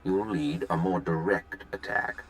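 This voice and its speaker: An actor voicing a cold, commanding Sith lord in a video game. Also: male voice, sits low, fairly even intonation, a little slow. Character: imperious Sith lord commanding his agent.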